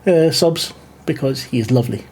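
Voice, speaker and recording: A man's voice: mid-range voice, moderate pace, crowd noise. A man hosting and running a tabletop game, chatty and joking with frequent swearing. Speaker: game master and host. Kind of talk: casual banter, sweary.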